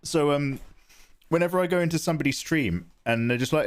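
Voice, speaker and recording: A man's voice: on the high side, a little fast, clean tone. A man streaming his drawing live, chatting casually and self-deprecatingly while he explains his choices. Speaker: art streamer.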